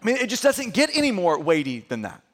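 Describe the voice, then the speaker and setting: A man's voice: high-pitched, wildly swooping pitch, fast talker, big-room sound. A man preaching a sermon as pastor, earnest and sometimes stumbling over repeated words. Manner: earnest, repeats words when stressing a point.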